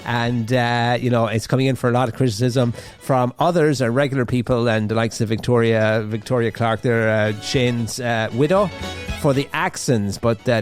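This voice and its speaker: A man hosting a radio show, chatting casually through the news with a rambling manner and lots of fillers and restarts. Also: medium pitch. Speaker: radio host. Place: radio studio.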